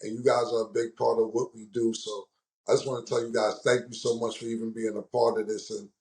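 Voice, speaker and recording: A man's voice: mid-range voice, flat delivery, brisk, darkish tone. A man hosting a casual sports talk show, telling stories loosely and with a lot of slang. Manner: loose slang-heavy storytelling. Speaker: host.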